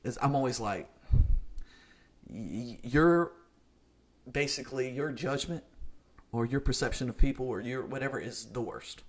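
High-energy man ranting on a podcast. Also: normal speed, pauses often. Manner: high-energy, emphatic, swings between loud bursts and low asides. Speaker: podcast host. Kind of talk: solo podcast rant.

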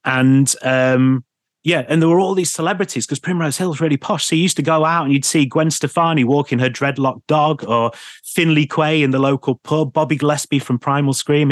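A man from England, a radio presenter, telling lively anecdotes in a casual podcast interview and laughing often. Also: medium pitch, no room sound.

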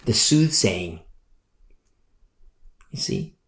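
A man's voice: low voice, big pitch swings, drawn-out words. A man preaching a sermon, emphatic and fond of repeating phrases for effect. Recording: echoey room.

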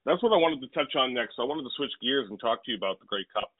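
A man co-hosting a sports podcast, steering the talk to new topics in a steady, informed way. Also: medium pitch, quick pace, husky, no room sound. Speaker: podcast co-host. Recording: dry phone-like line.

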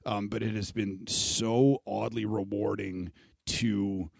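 Gravelly-voiced man, profane and self-mocking. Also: lowish voice, level tone, slow pace, darkish tone, dry recording, studio quality. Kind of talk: casual chat.

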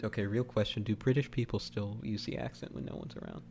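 A man's voice: on the low side, fairly even intonation, fast, vocal fry, darkish tone, slight background noise. A man hosting a casual podcast chat, joking around, laughing often and stumbling over restarts. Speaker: podcast host.

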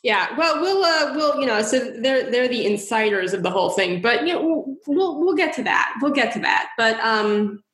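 A woman's voice: on the high side, animated, normal speed, hardly any pauses, a bit bright, echoey room, rough recording. A woman co-hosting a podcast in casual chat, rambling and giggly, swearing freely. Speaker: podcast co-host.

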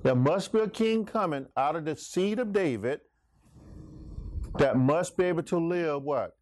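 A man's voice: a little high, animated, unhurried, a little mellow, no room sound. A middle-aged man teaching a Bible class in a folksy sermon style, asking the class questions. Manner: folksy, laughs often, asks the class questions.

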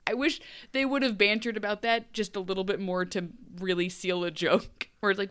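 A woman co-hosting a podcast, chatting casually about a TV show, laughing often and acting out characters in quick asides. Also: mid-range voice, steady tone, a bit bright, clear, resonant tone. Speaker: podcast co-host. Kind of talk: casual chat recapping a TV show.

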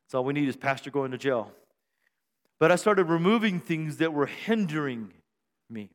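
A middle-aged male pastor preaching a sermon on a church stage mic, joking and self-deprecating, then building to shouted praise. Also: fairly high pitch, lively intonation, normal speed. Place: church sanctuary. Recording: long hall reverb in a church.

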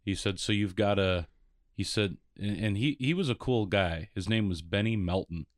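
A man's voice: fairly low pitch, normal speed, no room sound, clean studio sound. A man who is a singer-songwriter guest, talking in an easygoing, thoughtful and self-deprecating way about his music. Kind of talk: casual interview chat.

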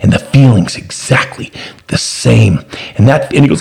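A middle-aged man hosting a podcast, telling a family story in a casual, animated way and acting out the voices in it. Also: medium pitch, normal speed, vocal fry. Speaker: podcast host and father.

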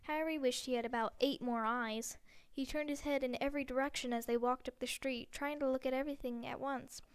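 A woman's voice: sits high, steady tone, a little fast, clean tone. A woman reading a novel aloud, stumbling over and repeating words now and then. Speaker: reader.

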